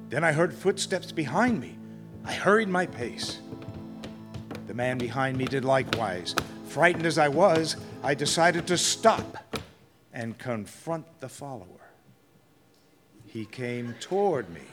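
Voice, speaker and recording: A man's voice: medium pitch, lightly acted. An actor playing a nervous, stammering judge who narrates his own story in a 1940s-style radio drama. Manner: stammering, agitated. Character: nervous guilt-ridden middle-aged judge. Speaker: narrator and lead. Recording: old radio drama with faint music.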